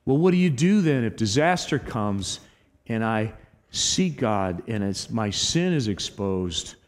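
Man, pastor, sermon, emphatic, loud then hushed, church hall with long echo. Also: on the low side, big pitch swings, a little slow. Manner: emphatic, swings between loud exhortation and hushed earnestness. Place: church sanctuary.

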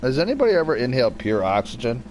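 A man's voice: medium pitch, big pitch swings, racing, music in the background. A young man giving casual, joking commentary while streaming a game, rambling and snapping at teammates now and then.

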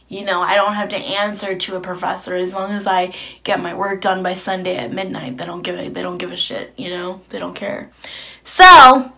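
A woman's voice: mid-range voice, vocal fry, bright, forceful tone. Young female vlogger, casual and rambling, blunt chatty delivery to a camera mic. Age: young adult.

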